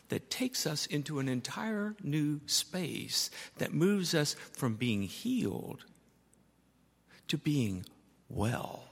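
A man's voice: a little high, creaky, slightly rough. An older man preaching a sermon as pastor, telling stories and repeating key words for emphasis. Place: church sanctuary. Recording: long reverb of a church.

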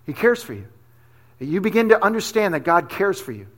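A man's voice: on the high side, lively intonation, brisk. A male pastor giving a sermon in a casual, conversational way, dropping slang asides as he teaches.

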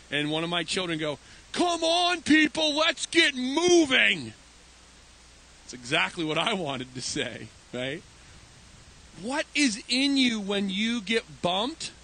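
A man's voice: high-pitched, poor audio. A man preaching a sermon as pastor, telling stories and acting out voices as he goes. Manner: animated, acts out voices in anecdotes. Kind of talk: storytelling sermon. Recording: faint hiss.

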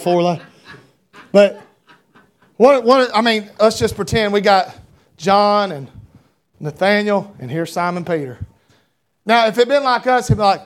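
High-voiced animated male preacher. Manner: animated preaching, reading scripture in King James wording, rising to shouts. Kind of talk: sermon.

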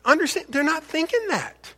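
A man's voice: extremely high pitch, expressive, normal speed, bright, forceful tone, faint music behind. A man preaching a sermon as a pastor, emphatic and preachy, repeating words and asking rhetorical questions. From United States.

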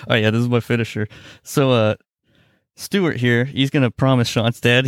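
Laughing podcast host calling dice rolls. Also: male voice, mid-range voice, steady tone, moderate pace, clean tone, no echo, clean studio sound. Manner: laughs often, jokey play-by-play. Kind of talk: casual chat narrating a dice battle.

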